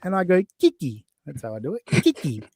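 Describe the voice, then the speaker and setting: A man's voice: high voice, expressive, very fast, gravelly, darkish tone, dry recording. A man hosting a podcast, mocking and profane as he reacts to clips in casual chat. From Australia. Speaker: podcast host.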